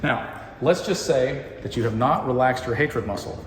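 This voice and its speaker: A man hosting a home renovation vlog, demonstrating fixes in a deadpan, joking way. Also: mid-range voice, normal speed. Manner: deadpan jokey, puns and mock anger. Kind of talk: joking DIY how-to vlog. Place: house under renovation, indoors. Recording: echoey bare room, faint noise.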